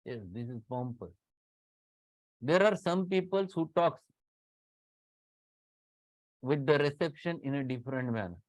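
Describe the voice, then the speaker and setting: A man's voice: mid-range voice, animated, a little slow, pauses often, dry recording. A man with an Indian English accent giving an online lecture as a professor, emphatic and repeating words for stress. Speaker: homoeopathy professor. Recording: dull lo-fi dry sound.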